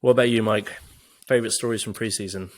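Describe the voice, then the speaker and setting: A man's voice: fairly low pitch, fairly even intonation, fast. A young man co-hosting a casual podcast, chatty and jokey, rambling with plenty of fillers. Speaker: podcast co-host. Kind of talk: casual chat.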